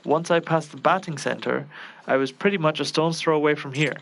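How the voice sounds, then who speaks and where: A man's voice: on the high side, brisk, creaky, fairly bright tone, a little hiss or hum. A man doing a flustered, fretful young cook. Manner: flustered, self-scolding.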